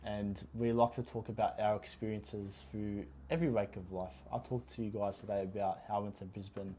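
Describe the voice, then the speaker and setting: A man's voice: lowish voice, flat delivery, brisk, mellow, a little hiss or hum. A young man co-hosting a podcast, chatting casually with laid-back, jokey banter. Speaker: podcast co-host. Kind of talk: casual chat.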